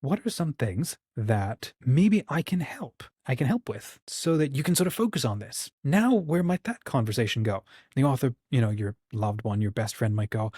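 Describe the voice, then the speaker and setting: A man's voice: mid-range voice, sing-song, normal speed, few pauses, dark tone, breathy edge, dry recording, studio quality. A man from the United States hosting his channel, talking casually and encouragingly, often acting out little quoted conversations. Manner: rambling, encouraging, acts out quoted dialogue. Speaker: channel host. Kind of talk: casual livestream talk.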